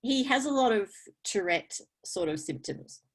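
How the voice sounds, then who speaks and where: A woman in casual conversation as a guest, chatty and laughing often, with halting fillers. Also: medium pitch, lively intonation, slightly rough.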